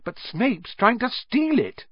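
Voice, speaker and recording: A man's voice: very high voice, very animated, slow, slightly rough, no echo, pitched above the performer's own voice, full character voice. A man voicing an eager young schoolboy wizard who speaks urgently, in a storybook reading with a dull, dry sound.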